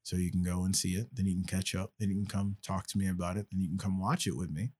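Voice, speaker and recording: A man's voice: low-pitched, flat delivery, fast, a little mellow, slightly rough. A man hosting a podcast in casual chat, loose, joking and rambling. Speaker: podcast host.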